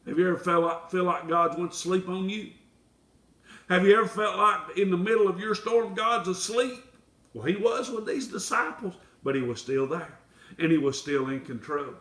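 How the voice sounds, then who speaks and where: A man's voice: high-pitched, moderate pace, a bit bright. A male pastor preaching a folksy sermon that swells into impassioned appeals. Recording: echoey room, from far off.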